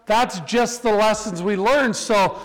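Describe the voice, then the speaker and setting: Male preacher, high and clear-voiced, animated storyteller; sermon in a reverberant hall. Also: slow. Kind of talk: sermon with personal stories.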